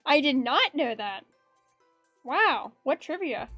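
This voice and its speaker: A woman with a high voice chats casually while she draws, rambling and giggling and reading chat messages aloud. Her voice is close and dry, with soft music playing behind it. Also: very animated, slow, no echo. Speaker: art streamer. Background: faint background music.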